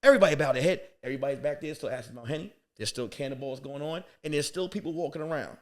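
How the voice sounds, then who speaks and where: A man from Queens, New York, a guest comedian, telling a lively comic story on a podcast and acting out other people's voices. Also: on the high side, racing, hardly any pauses.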